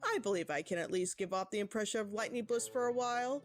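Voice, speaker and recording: A woman voicing a calm, formal female team commander who speaks with measured, precise diction. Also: mid-range voice, soft background music, lightly acted. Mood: composed.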